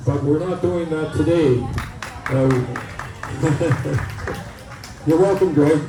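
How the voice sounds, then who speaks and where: A man's voice: on the high side, steady tone, drawn-out words, over music, a crowd in the background. A man, emceeing an event and telling folksy jokes with plenty of uhs. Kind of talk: joke telling at a community event. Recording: echoey PA, distant mic, faint noise.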